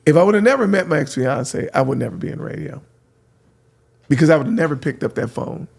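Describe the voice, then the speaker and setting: A middle-aged man from San Francisco, a radio host telling lively stories, acting out voices and laughing often. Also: fairly high pitch, quick pace, vocal fry, husky. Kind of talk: animated storytelling.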